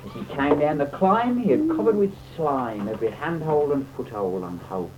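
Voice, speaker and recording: A man's voice: on the high side, animated, moderate pace. A man reciting comic verse in a theatrical, mock-dramatic way, on a dull, slightly noisy old recording. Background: audience laughter.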